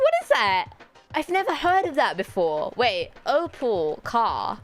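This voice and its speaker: With a high voice and slow pace, a British VTuber teases and giggles as she casually answers questions from her viewers in an animated way. Soft music plays in the background.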